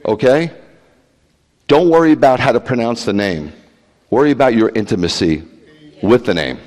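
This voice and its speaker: A man preaching as a rabbi, blunt and animated, peppering the congregation with rhetorical questions and teasing jabs. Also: medium pitch, normal speed. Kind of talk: livestreamed sermon. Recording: long hall reverb.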